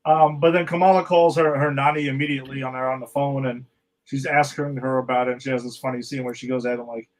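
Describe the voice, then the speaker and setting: A man's voice: mid-range voice, steady tone, fast talker, rough recording. A man co-hosting a podcast, casually recapping TV episodes and retelling scenes in a rambling way. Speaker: podcast co-host.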